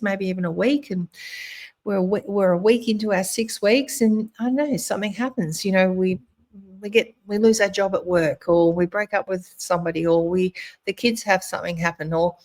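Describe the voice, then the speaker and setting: A woman's voice: lowish voice, gravelly. A middle-aged woman hosting a motivational talk, speaking earnestly with many restarts and fillers. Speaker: host. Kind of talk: motivational monologue.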